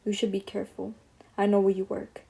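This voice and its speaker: A woman's voice: mid-range voice, completely flat delivery, fairly quick, vocal fry, mellow, lightly acted. A woman muttering as a menacing man. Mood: threatening. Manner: muttered, half-whispered. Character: menacing adult man making low, quiet threats.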